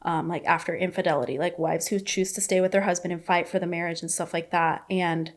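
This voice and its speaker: A woman's voice: lowish voice, fairly even intonation. Young woman guest, candid confessional storytelling, loose with fillers. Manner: rapid, emotional retelling with many fillers and quoted dialogue. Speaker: podcast guest.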